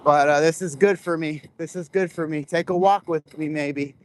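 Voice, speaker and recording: A man's voice: fairly high pitch, fairly even intonation, normal speed, a little hiss or hum. A man chatting casually to his viewers while walking laps outdoors, talking into a microphone close to his face. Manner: chatty, rambling, addresses viewers directly. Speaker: vlogger. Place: outdoors on a walk. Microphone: clip-on microphone close to face.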